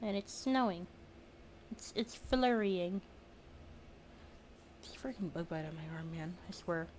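A woman's voice: lowish voice, expressive, a little slow, darkish tone, slight background noise. A woman commenting on a video game as she plays, chatty with exaggerated reactions. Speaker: gameplay streamer. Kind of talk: let's play commentary.

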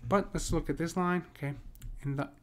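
Against a noisy background, a man with a somewhat high, steady voice talks briskly about poetry meter. This teacher's explanation is casual and rambling, full of restarts and frequent "right?" checks.

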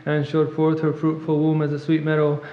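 A man reading a long liturgical hymn in rapid chant at a monastery service, clearing his throat now and then. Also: fairly high pitch. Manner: fast monotone recitation, clears throat at times. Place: church. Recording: echoey church, long reverb, muffled.

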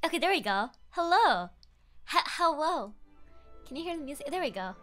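A woman's voice: high-pitched, sing-song, normal speed, fairly bright tone, faint music behind. A young woman streaming, chatting casually and greeting viewers by name with lots of giggles. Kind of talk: casual live-stream chat.

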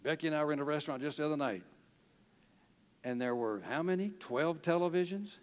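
High-voiced preaching man, animated. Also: fairly quick. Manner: animated storytelling, reads quotes aloud, chuckles often. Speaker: pastor. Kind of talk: sermon. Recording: long hall reverb.

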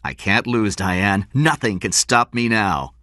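A man playing a brisk, commanding businessman. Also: fairly low pitch, expressive, bright, forceful tone, no echo, studio quality, pitched above the performer's own voice. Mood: excited. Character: confident, scheming businessman husband.

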